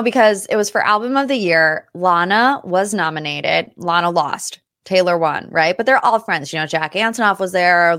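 A woman's voice: mid-range voice, no room sound, clean studio sound. A young adult woman hosting a casual pop culture podcast, chatty and gossipy. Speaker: podcast host.

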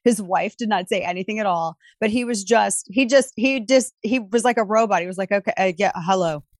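A woman's voice: mid-range voice, a little fast, no echo. A middle-aged woman, a radio host appearing as a guest, telling anecdotes and making her points emphatically. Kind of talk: animated storytelling in conversation.

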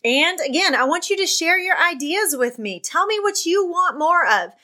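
A woman's voice: very high-pitched, animated, moderate pace, pushed and bright. A middle-aged woman hosting a podcast, giving an enthusiastic, faith-filled pep talk to her listeners. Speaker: podcast host. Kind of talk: excited podcast monologue.

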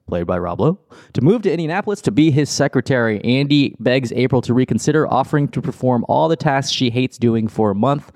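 A man's voice: mid-range voice, animated, brisk, a little mellow, dry recording. Chatty man with a dry sound. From Los Angeles. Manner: rambling, chuckling. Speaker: podcast host. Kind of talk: casual chat.

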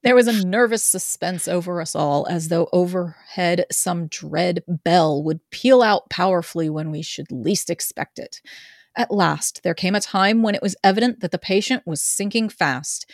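A woman's voice: fairly low pitch, measured pace, dry recording. Woman narrating a novel, dry sound. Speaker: narrator in a group reading. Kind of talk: casual amateur reading of a novel.

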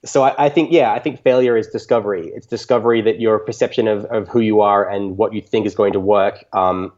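A man's voice: on the low side, fairly even intonation, brisk, a little mellow, lo-fi sound. A man being interviewed on a podcast, answering reflectively with many ums and restarts. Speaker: music podcaster, guest.

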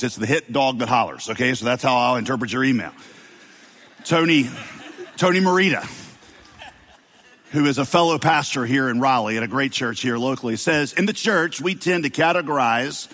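A man's voice: a little high, fairly bright tone. A man pastor with a slight Southern American accent, preaching a sermon with joking asides to the congregation in a large church. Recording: long hall reverb.

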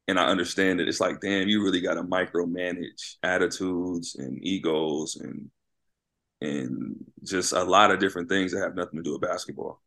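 A man who played college basketball and now coaches high school, telling stories in a casual interview, animated and always checking in with "right?". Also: creaky. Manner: animated storyteller, keeps asking "right?".

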